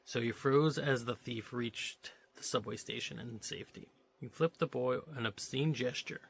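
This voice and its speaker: Gravelly man reading a novel aloud. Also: mid-range voice, moderate pace, a little hiss or hum. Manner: breaks off to joke and comment on the story. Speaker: reader of a novelization.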